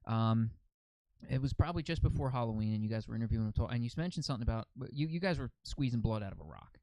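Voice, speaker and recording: A man's voice: mid-range voice, animated, quick pace, dark tone, dry recording. A man hosting a podcast in casual chat, easygoing and rambling, laughing along with his guest. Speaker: podcast host.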